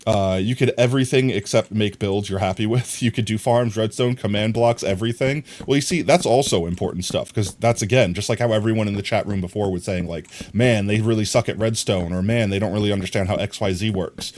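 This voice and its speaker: A man's voice: lowish voice, a little fast, few pauses, a little mellow. A man streaming a block-building game, chatting casually with his chat and greeting viewers while he works. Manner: chatty, reads and answers chat while building, hums bam bam to himself. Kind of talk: casual live game commentary.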